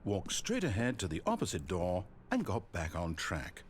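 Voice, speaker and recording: A man voicing the narrator of a video game, telling the story in measured, faintly ironic scripted narration. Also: low-pitched, huge pitch swings, noisy background. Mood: wry. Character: dry, wry male storybook narrator of a game.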